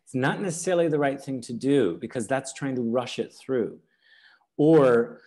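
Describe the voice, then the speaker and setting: A man giving a teaching webinar over a video call, unhurried, often checking in with "all right?" and "okay?". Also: mid-range voice, darkish tone. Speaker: webinar presenter.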